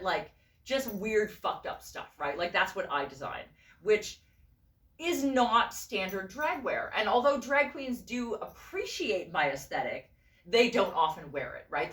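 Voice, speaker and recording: A woman telling a story in a casual vlog, swearing freely and acting out the voices of the people she quotes. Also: medium pitch. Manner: animated, profane, acts out quoted voices. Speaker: vlogger and costume designer. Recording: roomy and a bit distant from the mic.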